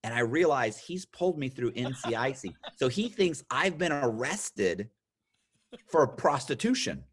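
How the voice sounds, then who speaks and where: With an unhurried pace and a mid-range voice carrying a breathy edge, an American man in his fifties tells a long story as an interview guest. His casual storytelling is lively, and he acts out the quoted speech of others.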